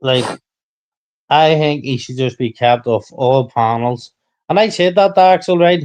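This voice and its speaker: A man's voice: medium pitch, unhurried, a little mellow. A man hosting a casual livestream chat, rambling and repeating himself, getting heated.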